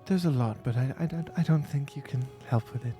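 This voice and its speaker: A man's voice: mid-range voice, a little fast, warm tone, faint music behind, close to an everyday voice. A man voicing a tired, polite gnome mother of small children, speaking in a hesitant and apologetic way. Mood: weary. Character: weary, polite gnome mother of young kids.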